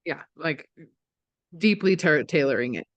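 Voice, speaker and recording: A woman's voice: low-pitched, lively intonation, measured pace, a bit bright, no room sound. Eager, persuasive woman podcast co-host. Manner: enthusiastic, persuasive, frequent "like" and "um". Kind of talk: casual podcast chat.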